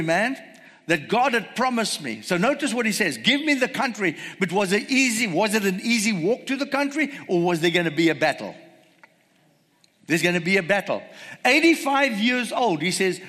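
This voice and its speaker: High, bright-voiced preacher in a hall. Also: male voice, big pitch swings. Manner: emphatic, rhetorical questions, slows words for stress. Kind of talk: sermon.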